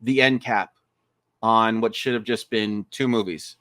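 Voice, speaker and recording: A man's voice: on the low side, measured pace, dry recording. A man guesting on a podcast, chatting casually and animatedly about his film, swearing and acting out quotes. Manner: animated, swears, acts out quotes in funny voices. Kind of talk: casual interview chat.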